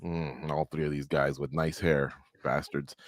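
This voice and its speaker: A man hosting a casual roundtable talk show, jokey and animated, joking at his own expense. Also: very deep voice, unhurried, no room sound, studio quality. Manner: jokey, animated, self-deprecating. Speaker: host.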